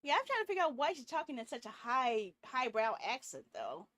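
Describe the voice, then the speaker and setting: A young woman streaming a game, chatting casually in quick, giggly asides. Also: high-pitched, huge pitch swings, fairly bright tone, no room sound. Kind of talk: casual chat while playing a game.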